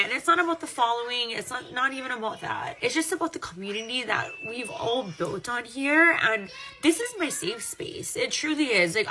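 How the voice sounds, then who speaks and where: A woman's voice: fairly high pitch, bright, forceful tone. A woman content creator talking straight into her phone camera. She is blunt and emphatic and swears at her critics. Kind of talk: direct-to-camera rant.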